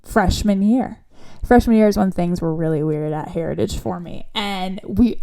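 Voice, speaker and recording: A young woman hosting a podcast, telling a personal story in a chatty, animated way with lots of asides. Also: mid-range voice. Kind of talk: casual storytelling.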